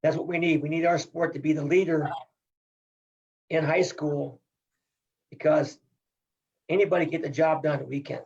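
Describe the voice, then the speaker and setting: A man's voice: a little high, fairly even intonation, moderate pace, creaky, pauses often, a little mellow, muffled recording. A middle-aged man from Iowa, a wrestling coach, talking in a casual podcast interview in an emphatic, upbeat, folksy way.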